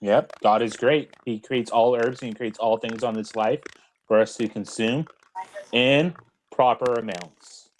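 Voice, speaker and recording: A man's voice: mid-range voice, flat delivery, moderate pace, a little mellow, a little hiss or hum, rough recording. Earnest man on an earbud mic. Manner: earnest, talks of faith and herbs. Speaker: guest on herbal medicine. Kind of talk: casual chat. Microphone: earbuds with built-in mic.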